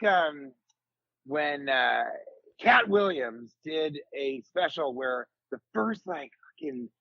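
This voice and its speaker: A man in his forties, a comedian guest on a podcast, telling rambling stories in casual chat and jumping into high comic voices when quoting people. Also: dry recording, highs cut off. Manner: rambling, animated storyteller, jumps into high comic voices for quotes.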